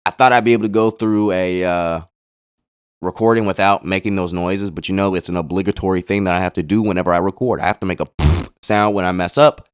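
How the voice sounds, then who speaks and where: Laid-back man with a low, smooth voice. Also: steady tone, fast talker. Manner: laid-back, slangy, chatty asides. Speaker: gaming channel host. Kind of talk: casual card-game replay commentary.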